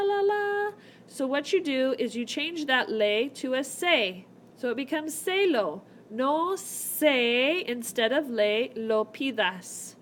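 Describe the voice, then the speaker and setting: A woman walks through grammar at an unhurried pace, with playful asides between her step-by-step explanations. Her voice sits a little high. Faint hiss runs under the tablet recording. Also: a bit bright. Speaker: Spanish teacher. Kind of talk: recorded whiteboard lesson. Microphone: tablet microphone.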